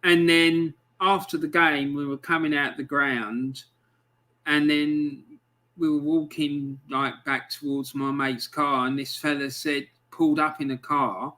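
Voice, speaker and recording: A man's voice: fairly high pitch, little pitch movement, unhurried, sharp tone. A middle-aged man hosting a podcast, telling a story casually and rambling with many ums. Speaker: podcast host. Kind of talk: casual storytelling to a live stream.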